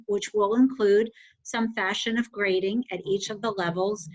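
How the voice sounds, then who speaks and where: A woman's voice: mid-range voice, lo-fi sound. A woman school superintendent giving earnest, heartfelt remarks at a board meeting.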